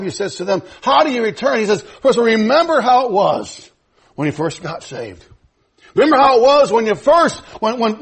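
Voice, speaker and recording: A man with a very high, husky voice preaches a sermon. His pitch climbs and dives with lively energy, moving from loud fervent exhortation to hushed, low pleading. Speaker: pastor.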